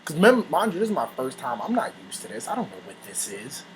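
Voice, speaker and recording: A young man hosting his own channel, telling a story in casual storytime style, animated and full of slang, often breaking into laughs. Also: a little high, quick pace, a little hiss or hum. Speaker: channel host.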